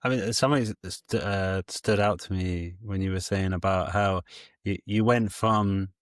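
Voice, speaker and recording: Man, very low voice, halting reflective host, dry sound. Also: steady tone, dry recording. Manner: halting, with many restarts while reflecting. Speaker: podcast host. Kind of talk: casual interview chat.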